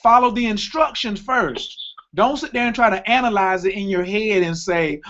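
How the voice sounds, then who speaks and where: A man's voice: high voice, normal speed, fairly bright tone, highs cut off. Emphatic man hosting talk radio. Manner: emphatic, interrupts with repeated "hold on". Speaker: radio show host.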